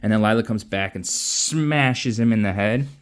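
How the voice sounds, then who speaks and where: A man's voice: fairly low pitch, normal speed, clear, resonant tone. A man casually recapping a novel's plot in a chatty, offhand way, acting out quotes. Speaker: book recapper.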